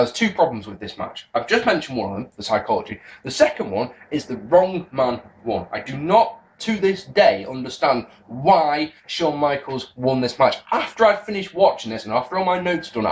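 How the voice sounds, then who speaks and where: A young man giving a casual spoken review to camera, rambling, excitable and often breaking off mid-sentence. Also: medium pitch, slight background noise. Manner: rambling, self-interrupting, excitable. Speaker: wrestling video reviewer.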